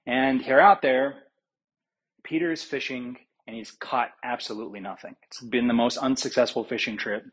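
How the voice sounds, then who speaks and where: A man preaching with a husky, breathy voice at an ordinary pitch. He retells scripture as a story, slipping into the words of its figures and pausing with fillers as he thinks aloud. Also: steady tone, rough recording. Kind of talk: sermon.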